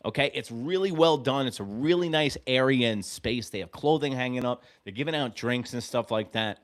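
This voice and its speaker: A man hosting a live baseball fan stream, telling profane stories and breaking off to call plays excitedly. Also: mid-range voice, normal speed. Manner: animated, profane storytelling with excited play calls. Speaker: host of a fan sports show.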